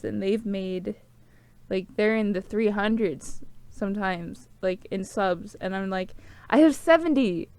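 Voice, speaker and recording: Slow, sniffly young woman rambling. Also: medium pitch, darkish tone, clean tone, no room sound. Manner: rambling, heavy use of "like". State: sniffly and tearful. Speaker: small-channel vlogger. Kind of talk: rambling casual to-camera chat.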